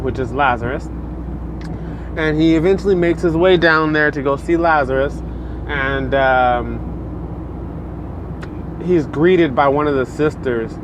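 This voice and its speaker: Casting: male preacher, mid-pitched voice, easygoing devotional talk, chatty and full of fillers, faint hum behind. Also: dull audio. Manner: conversational and loose, many fillers like "you know" and "like".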